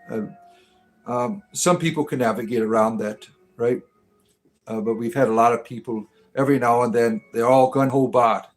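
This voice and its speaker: A man hosting a casual livestream and chatting with his viewers in a rambling, teasing way, full of ums and uhs. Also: medium pitch. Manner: rambling, teasing, many fillers. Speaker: livestream host.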